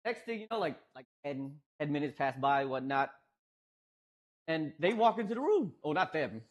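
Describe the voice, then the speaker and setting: A man streaming from home, telling a rambling, animated story with lots of restarts and fillers. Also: fairly high pitch, moderate pace.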